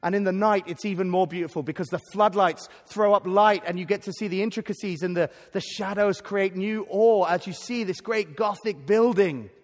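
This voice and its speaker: A man's voice: sits high, moderate pace, few pauses. A man preaching a sermon at a conference, earnest and emphatic, often stumbling over and restarting his words. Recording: long hall reverb.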